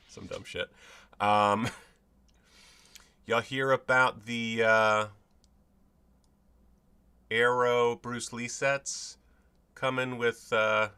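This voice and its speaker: A man hosting his own show chats casually in a home video, rambling, swearing and mocking himself while he fiddles with his setup. His voice is medium in pitch, pushed and bright, yet smooth.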